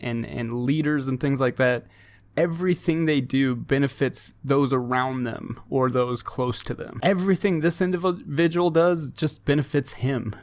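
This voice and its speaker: A man's voice: mid-range voice, dry recording. A man hosting his channel, giving emphatic, repetitive opinion commentary to camera with frequent restarts. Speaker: fitness channel host.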